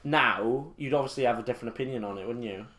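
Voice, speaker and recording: A man's voice: mid-range voice, fast talker, fairly bright tone. A young man co-hosting a casual podcast with friends, rambling through his points with lots of examples. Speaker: podcast co-host. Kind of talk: casual chat among friends.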